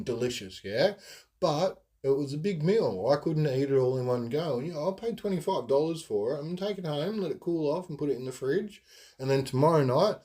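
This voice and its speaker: A man's voice: medium pitch, dark tone. A man telling rambling stories in a casual monologue, full of ums and giggles. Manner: rambling, giggly, lots of fillers. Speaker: podcast host.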